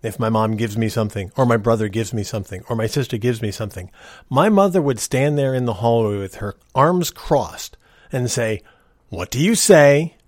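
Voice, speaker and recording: A man's voice: mid-range voice, fairly quick, no room sound. A middle-aged man hosting a podcast, talking casually in an earnest, ranting way, on a close podcast mic. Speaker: podcast host. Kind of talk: casual monologue.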